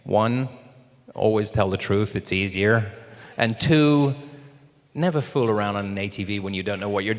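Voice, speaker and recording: A British man, a guest actor, telling an animated anecdote at a live Q&A and acting out the quotes. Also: fairly low pitch, moderate pace. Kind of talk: anecdote told to a live audience. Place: large screening theater. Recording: long reverb of a cinema hall.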